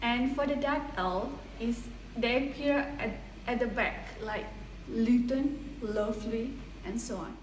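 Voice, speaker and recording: A woman's voice: a little high, unhurried, few pauses, a little hiss or hum. A young woman giving a student presentation, explaining speech sounds step by step. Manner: explaining step by step, prompting classmates. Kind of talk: class presentation on accents. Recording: echoey room from a distance.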